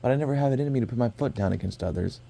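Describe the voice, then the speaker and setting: A man voicing a gentle, soft-spoken young woman who leads a school club in a game. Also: mid-range voice, creaky, pitched above the performer's own voice. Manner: gentle, measured.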